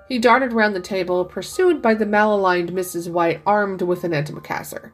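A woman with a husky, slightly breathy voice reads a spooky story in a measured way. Her pitch sits in a middle range, and faint music plays softly behind her. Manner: measured storytelling, slows for quoted speech. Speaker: podcast narrator. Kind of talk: scripted audiobook reading.

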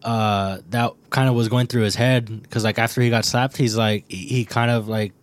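A man in a casual podcast chat who talks hesitantly and thinks aloud, pausing on "uh" and "like". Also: mid-range voice, steady tone, dry recording.

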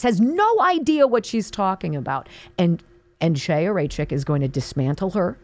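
A woman's voice: mid-range voice, darkish tone. A woman in her fifties hosting an opinion talk show, delivering a sarcastic, emphatic monologue with mocking asides.

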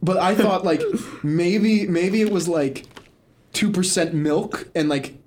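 A man's voice: high voice, slow pace, a little mellow, slight background noise. A young man co-hosting a podcast, telling a story in rambling casual chat full of fillers and restarts. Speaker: podcast co-host.

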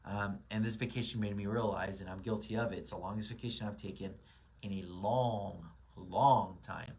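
Man, forties, fairly low voice, casual motivational vlog, rambling, restarts. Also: fairly even intonation, moderate pace, gravelly, darkish tone. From Southern California. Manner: rambling, many ums and restarts. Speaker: real estate broker and coach. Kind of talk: casual motivational talk to camera.

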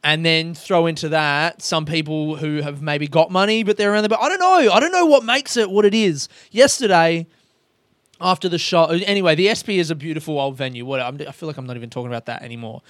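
A man's voice: fairly high pitch, fairly quick, fairly bright tone, no echo, studio quality. A young man, telling a rambling, self-mocking story as a comedian in casual chat, swearing freely and acting out the dialogue. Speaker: stand-up comedian, podcast host.

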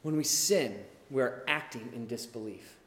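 A male pastor preaching a sermon in an animated way, acting out the people he talks about. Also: mid-range voice, moderate pace. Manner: animated, acts out quoted voices. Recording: echoey hall with long reverb.

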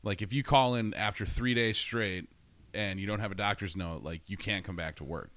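A man's voice: lowish voice, moderate pace, a bit bright, no echo. A man telling a story in a casual, profane monologue, ranting and laughing as he goes.

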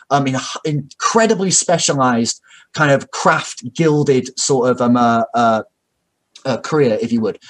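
A man's voice: mid-range voice, husky. A man talking at length in a casual, opinionated way, full of fillers and restarts and the odd swear word. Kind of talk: casual discussion.

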